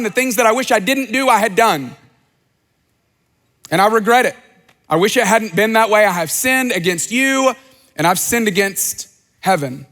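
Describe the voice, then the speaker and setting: A man's voice: very high voice, a bit bright, big-room sound. A pastor preaching a sermon in an earnest way, acting out the lines he quotes.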